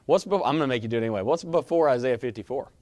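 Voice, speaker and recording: A man's voice: mid-range voice, expressive, very fast, a little mellow, dry recording. A man teaching a Bible class in a conversational way, often quizzing his students.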